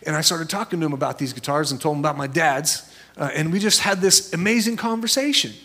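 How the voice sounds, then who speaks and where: A man preaching a sermon as a pastor, conversational and storytelling, jumping into high voices when he quotes people. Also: fast, bright, forceful tone, slightly rough.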